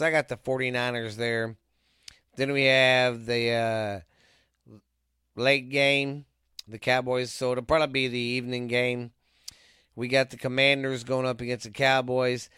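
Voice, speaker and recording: A man's voice: mid-range voice, flat delivery, a little slow, bright, forceful tone, smooth, no echo, studio quality. A man hosting a podcast, rambling loosely and cursing freely as he reads off scores and makes his sports picks. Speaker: podcast host. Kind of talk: casual sports picks monologue.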